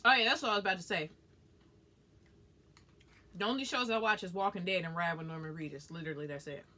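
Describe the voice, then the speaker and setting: A woman's voice: fairly low pitch, fast. A young woman with a Southern US accent, chatting casually and bluntly while eating and reading viewer comments. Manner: blunt, profane, animated.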